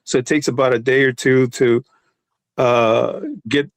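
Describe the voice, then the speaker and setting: A comic artist talking in a casual podcast chat, rambling with many restarts and fillers. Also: male voice, mid-range voice, little pitch movement, measured pace, dry recording.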